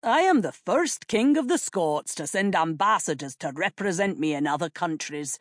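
A woman's voice: fairly low pitch, lively intonation, normal speed, no room sound, clean studio sound. A woman doing a blustering young king. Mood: imperious. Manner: blustering, imperious. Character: King James, commanding young royal man.

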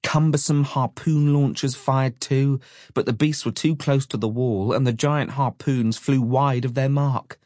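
A man narrating an adventure story in a measured, dramatic storytelling manner. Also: mid-range voice, a little mellow, no room sound, studio quality. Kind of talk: audiobook narration.

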